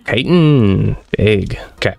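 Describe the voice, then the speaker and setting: A man giving excitable let's-play commentary, laughing often and chatting to his in-game pet as he plays at home on a close desk mic. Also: fairly low pitch, slow, gravelly, faint music behind. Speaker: gaming channel host.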